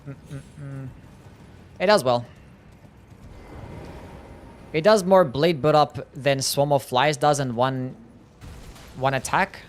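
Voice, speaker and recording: A man's voice: medium pitch, slow pace, long pauses, a little hiss or hum. Offhand male game streamer. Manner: loose and offhand, with swearing and laughter. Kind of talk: casual live-stream commentary, answering chat. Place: home streaming setup.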